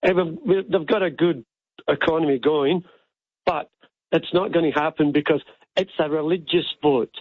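A man with a Glasgow Scottish accent calls in to a talkback radio show, blunt and prone to restarting his sentences. His voice is husky and comes through a tinny, dry phone line. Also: a little high, steady tone, moderate pace, no echo. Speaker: caller.

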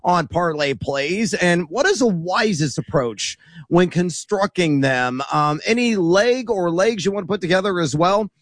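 A man's voice: sits high, expressive, measured pace, fairly bright tone, no room sound, clean studio sound. A man co-hosting a radio sports betting show, playful and teasing. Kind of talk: casual radio sports talk.

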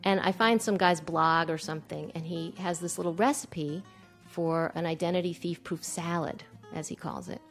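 A woman in her thirties telling a personal story, animated and breathless, acting out the lines she quotes. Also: on the low side, moderate pace, faint music behind.

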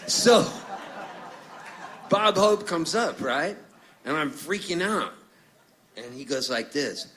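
A middle-aged man from Canada chats between songs on a stage. His storytelling is loose and joking, and he keeps slipping into the voices of the people he talks about. His voice sits at an ordinary middle pitch. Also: animated, slow, pushed and bright. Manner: chatty, jokey, acts out voices in his stories. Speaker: singer-songwriter telling stories on stage.

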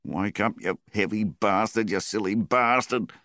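A man's voice: very deep voice, very animated, moderate pace, vocal fry, a bit bright, no echo, studio quality, exaggerated voice. A man voicing a big grown man who is crying and distraught, muttering and whimpering.

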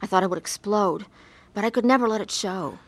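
A woman earnestly narrating her own life story, acting out her scenes with deep emotion. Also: a little fast, no echo. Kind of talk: dramatized testimony narration.

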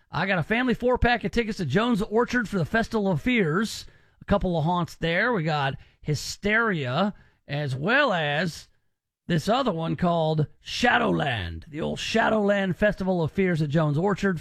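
A man's voice: high voice, fairly bright tone, dry recording. A man hosting a call-in radio show, rambling and teasing with lots of restarts. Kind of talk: joking call-in radio banter.

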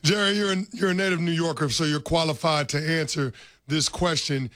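A man's voice: a little high, fairly even intonation, fairly quick, a bit bright, dry recording, studio quality. A man co-hosting a casual interview who asks his question with energy.

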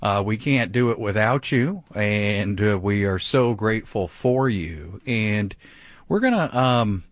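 Low-voiced call-in radio host, dry sound. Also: male voice, expressive, takes it slowly, dry recording. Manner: conversational, frequent "uh" fillers. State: clearing his throat, choked up. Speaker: radio talk show host.

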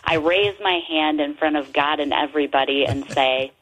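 A woman's voice: low voice, moderate pace, hardly any pauses, fairly bright tone. A woman calling in to a radio show, telling a story about herself in a wry, self-deprecating way. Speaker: radio caller. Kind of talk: phone call-in storytelling. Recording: tinny phone line on radio.

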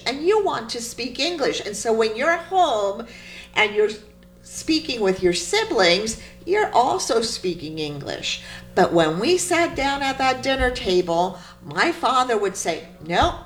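A woman poet being interviewed, telling stories in an animated, emphatic way. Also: on the high side, a little hiss or hum. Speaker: poet guest. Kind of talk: interview conversation.

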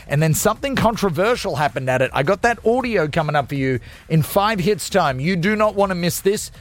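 A man hosting a radio show, talking in jokey, self-mocking, hyped patter. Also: a little high. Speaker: radio host.

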